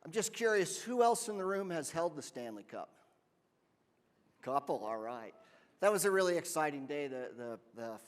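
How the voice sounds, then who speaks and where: A man's voice: a little high, very animated, moderate pace, slight background noise. A man giving a friendly, conversational talk at a conference, with some stumbles. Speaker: ski area operations chief. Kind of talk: conference presentation. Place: conference hall. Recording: long reverb of a conference hall.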